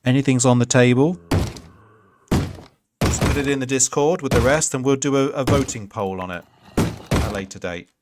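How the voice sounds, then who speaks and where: A man's voice: medium pitch, moderate pace, pauses often. A man in his thirties streaming a block-building game, chatting casually and answering his chat with jokey asides. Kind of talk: casual Minecraft livestream chat. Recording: loud background noise.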